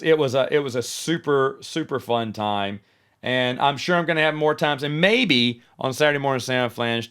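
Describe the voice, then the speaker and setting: A man's voice: mid-range voice, a bit bright, clear, resonant tone. A man hosting his own podcast, talking casually and telling a story with animation, often restarting his sentences. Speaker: podcast host. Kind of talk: casual solo podcast monologue.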